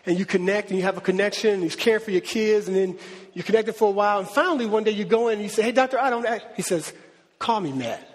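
A man delivers a lively, talk-style sermon and slips into acted voices for the figures he quotes. His voice sits high and a little husky. The sound carries the long reverb of a large hall. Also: very fast. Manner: animated, conversational, acts out God's voice. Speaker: preacher. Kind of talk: sermon teaching.

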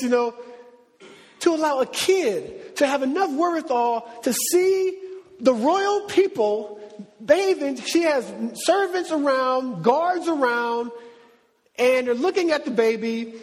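A middle-aged man preaching a sermon in a lively, conversational way with slang. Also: very high-pitched. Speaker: pastor. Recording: long reverb of a large hall.

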